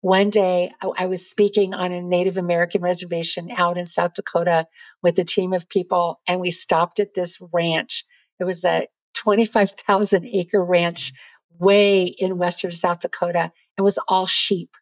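A middle-aged woman speaking as a podcast guest, giving an earnest, lively faith testimony. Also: fairly low pitch, normal speed, no echo.

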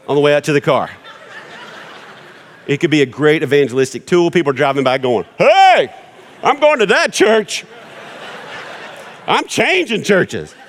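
A middle-aged man preaching a sermon, animated and joking as he acts out quotes for a church congregation. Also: on the high side. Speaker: pastor. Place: large church hall with congregation. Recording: long hall reverb.

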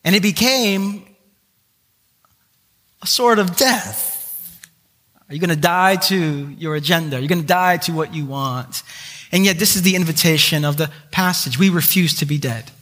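A male pastor with a high, bright, forceful voice tells a lively story from the pulpit, mocking himself as he goes. He acts out the voices in his tale. His words ring out with a long reverb through a large hall. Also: normal speed, long pauses. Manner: animated anecdotes, acts out voices, self-mocking humor. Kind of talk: sermon with personal storytelling.

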